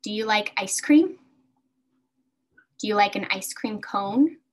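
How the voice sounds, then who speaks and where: Very slow-speaking woman teaching English. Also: mid-range voice, lively intonation. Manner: slow, careful, repeats words for learners. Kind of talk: slow beginner English lesson.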